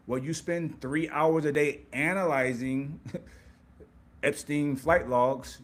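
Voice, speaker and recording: A man's voice: medium pitch, slightly rough. A man hosting a live stream, giving an emphatic, preachy motivational monologue with repeated words and rhetorical questions. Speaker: host.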